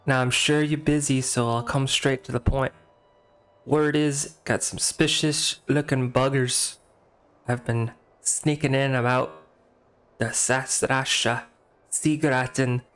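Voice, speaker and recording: A man reading out a gruff male tavern keeper's game dialogue in a clumsy attempted Scottish accent. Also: mid-range voice, steady tone, slow, a bit bright. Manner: reading game dialogue aloud in a put-on brogue.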